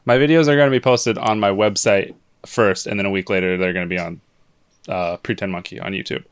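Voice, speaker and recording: A man's voice: sits low, fairly even intonation, fairly quick, clean tone. A man co-hosting a podcast in casual chat, blunt and opinionated, swearing now and then. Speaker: podcast co-host.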